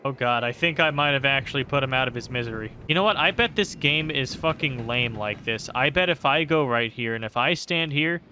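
A man's voice: medium pitch, brisk, few pauses, bright, forceful tone, slight background noise. A young man giving casual, joking let's-play commentary on a video game, swearing freely as he reacts to what happens on screen. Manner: profane, joking running commentary. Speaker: gaming YouTuber.

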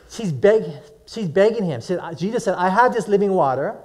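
A man from Hawaii with a notably high-pitched voice delivers a sermon. He talks in an easy, conversational style, keeps asking his listeners questions, and leans on "right?" to hold them with him. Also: lively intonation, brisk, few pauses, darkish tone. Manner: conversational preaching, asks the audience questions. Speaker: pastor.

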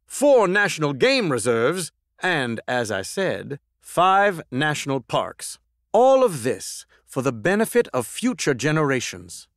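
A man's voice: a little high, fairly bright tone, no echo, clean studio sound, full character voice. A man voicing a hearty, boisterous older president in a storybook podcast. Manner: boisterous, declamatory.

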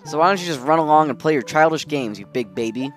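A man's voice: a little high, fast, faint music behind, natural voice. A man reading the lines of a snooty, vain female cat villager from a video game, in a haughty, mocking tone.

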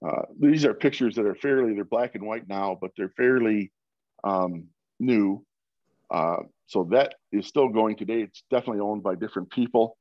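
A man's voice: fairly low pitch, moderate pace, dry recording, dull audio. A man from Michigan giving an informal presentation over a video call, with many fillers and restarts. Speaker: guest speaker.

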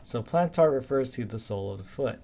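A man's voice: mid-range voice, lively intonation, a little fast, vocal fry, warm tone. A man from Hawaii, teaching an anatomy lecture in a casual, chatty way. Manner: casual, chatty, uses silly memory stories. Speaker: anatomy instructor. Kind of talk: recorded lecture.

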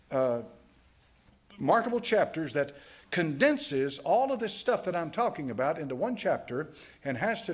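Male pastor, Sunday school sermon; slightly high, husky voice, emphatic reading of scripture. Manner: emphatic preaching, reading scripture aloud in King James wording. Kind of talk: Bible-teaching sermon. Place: church sanctuary, Sunday school class.

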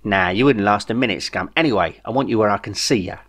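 A man's voice: fairly low pitch, fast talker, fairly bright tone. A man voicing a bossy, scornful queen in a spoken storybook, mocking and imperious.

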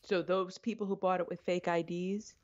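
A woman co-hosts a podcast, tossing in quick jokes. Her voice is a bit low, and the sound is dull and lo-fi. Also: little pitch movement. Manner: jokey, quick quips. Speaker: podcast co-host. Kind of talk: casual chat.

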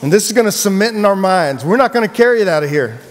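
A man, the pastor, preaching a sermon and telling a personal story in a relaxed, chatty way with frequent restarts. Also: high-pitched, fast, long reverb tail, background noise. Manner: casual storytelling, many restarts.

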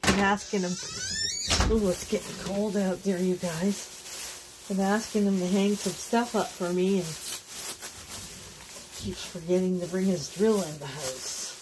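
A woman's voice: mid-range voice, measured pace, pauses often. A woman hosting a casual home vlog at a cottage, chatting straight to her viewers. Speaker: vlogger. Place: family cottage. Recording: noisy home video recording.

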